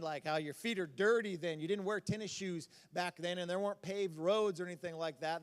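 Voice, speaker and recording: A man with a high voice preaches in a casual, rambling way, chatting and joking with the crowd. His words ring out with a long reverb from the church hall around him. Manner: casual, rambling delivery with audience banter. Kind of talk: sermon.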